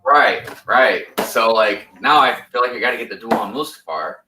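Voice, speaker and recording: A man's voice: mid-range voice, moderate pace. A man in a laid-back, easygoing casual chat, often calling the other man "man" or "dude". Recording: echoey room, distant mic, faint noise.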